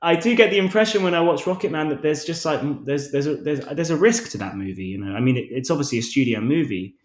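A man's voice: a little high, animated, quick pace. A man in his twenties, an actor guest on a podcast, telling self-deprecating stories in a casual, rambling way with frequent restarts. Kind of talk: casual interview chat. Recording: roomy echo.

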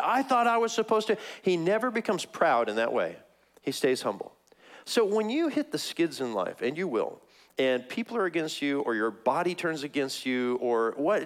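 Lively conversational male pastor preaching. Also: mid-range voice. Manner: conversational, acts out voices of biblical figures, laughs. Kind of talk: sermon.

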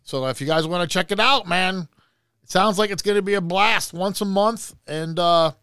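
A man hosting a casual interview show, asking loose, quick questions with restarts. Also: high voice, bright, forceful tone, smooth, dry recording, clean studio sound. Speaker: podcast host.

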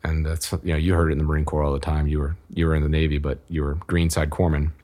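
Deep-voiced man telling a story. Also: fast. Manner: animated, laughs through his story. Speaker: podcast guest. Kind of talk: casual storytelling.

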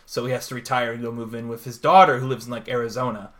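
A man in his 20s co-hosts a podcast, rambling animatedly in casual chat, full of "like" and acting out the scenes he retells. He talks fast in a medium-pitched, slightly bright voice with fairly even intonation.

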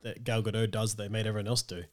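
A lower-pitched man hosts a relaxed podcast chat about films. He rambles a little and fills his gaps with ums. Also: rapid-fire. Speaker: podcast host. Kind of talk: casual chat about movie news.

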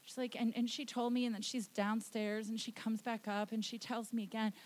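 A woman's voice: on the high side, flat delivery, brisk, darkish tone. A woman preacher delivering a fervent sermon, with emphatic, repetitive phrasing.

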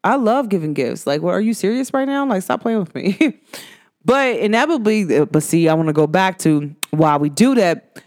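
Chatty young woman, animated podcast talk. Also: medium pitch, normal speed. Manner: animated, chatty, laughs often, acts out quoted dialogue. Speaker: podcast host. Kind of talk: casual solo podcast talk.

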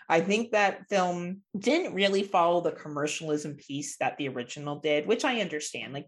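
A woman co-hosting a podcast in casual chat, loose and swearing freely, often laughing. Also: sits low. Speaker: podcast co-host.

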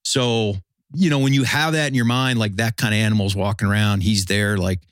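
A man's voice: on the low side, fairly even intonation, a little fast, a bit bright, no echo, studio quality. A man telling a long hunting story in casual chat, rambling and full of fillers.

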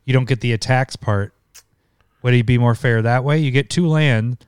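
A man co-hosting a casual card-game discussion, relaxed and often laughing, sometimes reading card text aloud. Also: medium pitch, normal speed, smooth, no echo, clean studio sound. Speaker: podcast co-host.

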